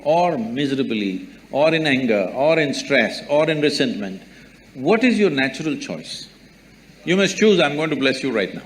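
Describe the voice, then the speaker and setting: Measured man giving a spiritual talk. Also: mid-range voice, slight background noise. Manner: measured, builds rhetorical lists. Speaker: spiritual teacher. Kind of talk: spiritual discourse.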